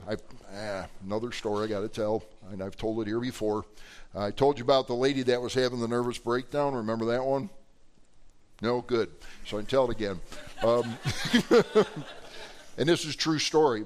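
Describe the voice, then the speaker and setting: A man preaching a sermon, telling stories animatedly and rising to loud emphasis. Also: medium pitch.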